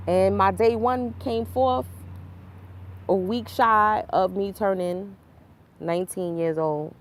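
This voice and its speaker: New woman vlogger, low gravelly voice, candid slangy storyteller. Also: a little slow, slight background noise. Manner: candid, slangy, animated with laughs and asides. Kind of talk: personal storytelling to camera.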